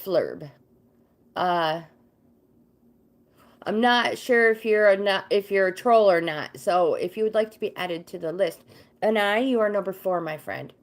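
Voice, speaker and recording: Woman host reading tarot live, unhurried and chatty, drifts off track. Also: medium pitch. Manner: chatty, easily sidetracked, greets viewers by name. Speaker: livestream host and tarot card reader. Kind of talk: casual livestream chat with card readings.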